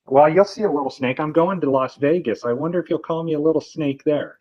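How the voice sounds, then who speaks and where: A man's voice: on the high side, brisk. Profane, combative man on muffled audio. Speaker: debate participant. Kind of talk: heated argument.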